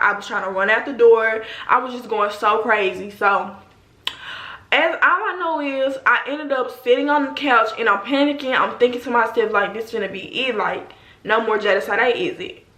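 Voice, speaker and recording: A young adult woman vlogger telling a story in a slangy, animated way, talking straight to her viewers. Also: on the high side. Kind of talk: casual storytime. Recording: roomy echo.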